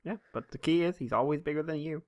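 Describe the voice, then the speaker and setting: A man's voice: a little high, quick pace. A man co-hosting a casual podcast, mostly giving short replies, joking and laughing a lot. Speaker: podcast co-host. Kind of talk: casual chat.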